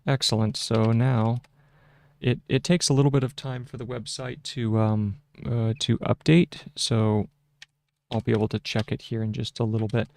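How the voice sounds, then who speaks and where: A man with a mid-range, level, creaky and slightly mellow voice hosts a casual shorthand tutorial, thinking aloud at his desk. He speaks slowly and haltingly, with frequent fillers and restarts. He's recorded on a close desk microphone that has a mute button.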